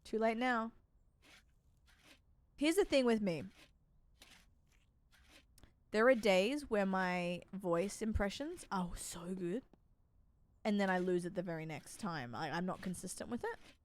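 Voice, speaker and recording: A woman's voice: medium pitch, measured pace, pauses often. A young woman streaming a game and commenting as she goes. She chats casually, with self-mocking humour and easy swearing.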